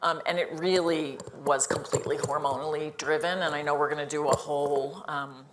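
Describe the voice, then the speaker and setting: A woman's voice: low voice, steady tone, background noise. A middle-aged woman internist speaking earnestly on a live panel, with frequent restarts. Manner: earnest, fast-talking, with many restarts and "again".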